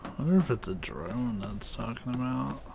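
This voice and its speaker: A man's voice: medium pitch, animated, moderate pace, gravelly, background noise. A man with a nasal voice, casually talking through a game he is streaming live, loose and profane. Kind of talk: live gameplay commentary.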